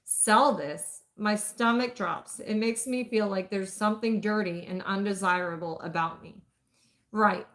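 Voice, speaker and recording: A woman voicing an insecure young woman in a romance audiobook reading, speaking in an earnest, breathy, hesitant way. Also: mid-range voice, a little slow, a bit bright, lightly acted. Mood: hurt.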